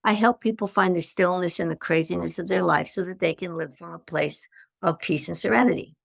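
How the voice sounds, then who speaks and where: An older woman, a guest on a podcast interview, telling her life story in lively anecdotes and acting out the lines of the people in them. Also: lowish voice, fairly quick, vocal fry, no echo, clean studio sound. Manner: animated anecdotes with acted-out quotes. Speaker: guest, stress management consultant.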